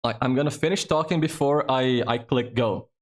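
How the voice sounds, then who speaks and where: Male host, casual stream chat, swears easily, average pitch. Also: normal speed. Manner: chatty, swears freely, thinks aloud. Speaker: streamer hosting a trivia game.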